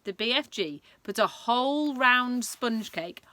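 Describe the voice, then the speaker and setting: A woman reading a children's book aloud with expressive narration. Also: on the high side, a little slow, dry recording. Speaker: children's storyteller.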